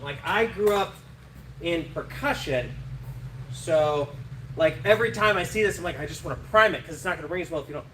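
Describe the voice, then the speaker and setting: A man's voice: fairly high pitch, recorded from a distance, noisy background. Chatty man streaming in an echoey room. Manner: chatty, thanks viewers between practice throws. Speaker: livestream host. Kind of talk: casual live-stream chat.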